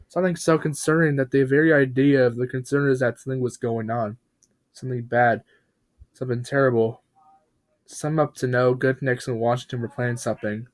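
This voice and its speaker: A man narrating a parody creepypasta in a mock-serious, deadpan tone with dramatic pauses. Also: mid-range voice.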